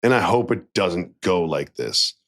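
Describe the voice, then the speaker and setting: A man's voice: low-pitched, a little slow. A man co-hosting a casual basketball podcast, talking animatedly and acting out what players might say. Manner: animated, acts out imagined player quotes. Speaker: podcast co-host. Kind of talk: casual sports chat.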